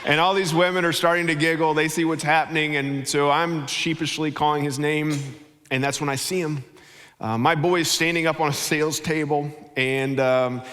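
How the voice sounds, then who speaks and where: A middle-aged man, a guest pastor telling stories humorously in a sermon in a church auditorium. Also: fairly high pitch. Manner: humorous, animated storytelling. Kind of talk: sermon with storytelling. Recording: church hall reverb.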